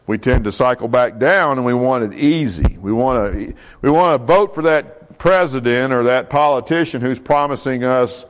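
A man leads a Bible study lesson in a loose, talky manner. He stops to correct himself, fills pauses and asks the class questions as he goes. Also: medium pitch. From United States. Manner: conversational, many fillers and self-corrections, asks the class questions. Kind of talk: casual Bible class lecture.

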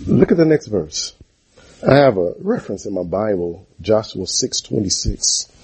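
A man's voice: on the low side, big pitch swings, normal speed, gravelly, a little mellow, husky. A man preaching a sermon in a church, throwing rhetorical questions at the congregation in call-and-response.

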